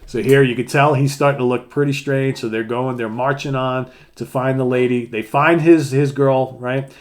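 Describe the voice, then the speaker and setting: A man's voice: mid-range voice, steady tone, normal speed. A man casually retelling a comic book story as a podcast co-host, with loose fillers and acted-out lines.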